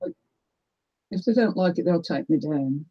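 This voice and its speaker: A woman's voice: on the low side, expressive, normal speed, slightly rough, lo-fi sound. A middle-aged woman with a New Zealand accent, hosting a casual craft livestream and chatting with viewers as she works. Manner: chatty, greets viewers while working.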